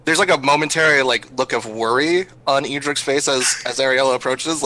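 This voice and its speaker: A man's voice: mid-range voice, brisk, pushed and bright, slight background noise, rough recording. A man playing a tabletop role-playing game, describing his character's actions hesitantly, with many fillers. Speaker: player. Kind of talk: casual tabletop role-play.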